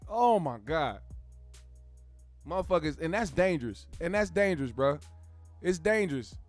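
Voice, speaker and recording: High-voiced man ranting, swearing a lot. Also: very animated, moderate pace, soft background music. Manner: heated, blunt, swears a lot, slangy. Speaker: show host. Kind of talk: profane commentary rant.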